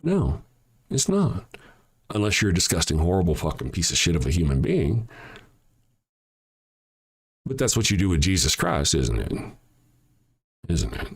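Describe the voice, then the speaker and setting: A man hosting a show, delivering a mocking, sarcastic monologue that swings between loud jabs and quiet asides. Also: low voice, huge pitch swings, normal speed, long pauses, husky. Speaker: show host. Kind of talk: ranting monologue.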